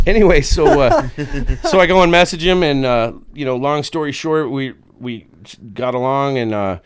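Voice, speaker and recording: Man, podcast guest, casual storytelling, swears a lot, acts out quotes, middle pitch. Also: lively intonation, normal speed, smooth. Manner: profane, laid-back, acts out quotes.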